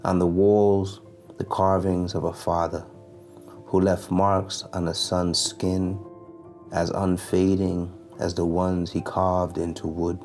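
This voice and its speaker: Man, very deep voice, flat even delivery, slow poetry reading, music clearly behind. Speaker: narrator.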